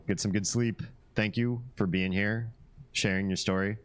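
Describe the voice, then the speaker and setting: A man with a very low, deep voice talks easily with his live-stream audience. He is relaxed and chatty, reads out viewer comments and laughs often as he goes. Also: moderate pace, smooth.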